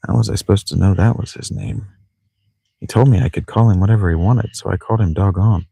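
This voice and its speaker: A man casually commenting while he plays a video game, full of deadpan jokes and muttered asides. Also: fairly low pitch, fast, creaky, breathy edge, no echo, clean studio sound. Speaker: streamer playing a video game. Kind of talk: casual let's-play commentary.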